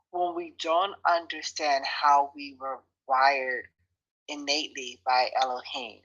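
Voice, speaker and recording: A woman's voice: very deep voice, a bit bright, highs cut off. Woman in bible study group, thankful, searching for words, keeps restarting. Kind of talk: earnest spoken reflection.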